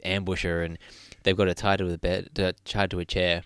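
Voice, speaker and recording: A man co-hosting a podcast, retelling film scenes in casual chat, swearing freely and excitedly. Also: low voice, a little fast, clear, resonant tone, no echo. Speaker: podcast co-host.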